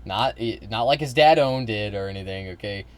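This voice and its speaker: A young man streaming, reacting to a video in a rambling, halting way, with casual swearing. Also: fairly low pitch.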